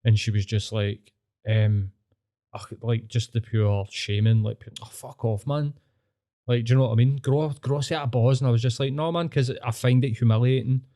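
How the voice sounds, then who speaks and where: A man's voice: medium pitch, flat delivery, a little fast, warm tone. A Scottish man hosting a podcast, telling rambling, sweary stories in casual chat. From Scotland. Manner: swears freely, rambling storytelling. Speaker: podcast host.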